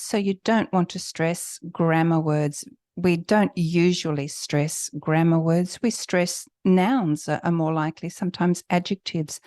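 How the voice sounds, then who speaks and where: A woman who is a native English speaker, tutoring for an English test with clear, explanatory talk and slowed emphasis. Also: on the low side, a little mellow, no room sound, clean studio sound. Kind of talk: online teaching.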